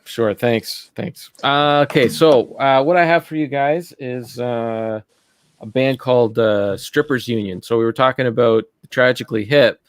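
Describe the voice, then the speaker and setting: A man's voice: mid-range voice, measured pace, clear, resonant tone, no echo, clean studio sound. A music blogger, a man, talking modestly on a video call with many hesitations. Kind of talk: casual chat on a live stream.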